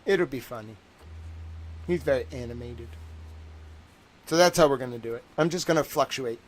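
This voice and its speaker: A man with a Boston accent hosts a casual livestream about a court case. He talks in an animated, slangy way and circles back to the same joke again and again. His voice sits at an ordinary middle pitch. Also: normal speed. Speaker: livestream host. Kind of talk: casual trial commentary.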